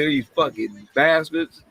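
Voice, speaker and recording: High-voiced man ranting bluntly. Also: rough recording. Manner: blunt, frequently laughing, swears heavily. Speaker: podcast host. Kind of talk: casual profane commentary.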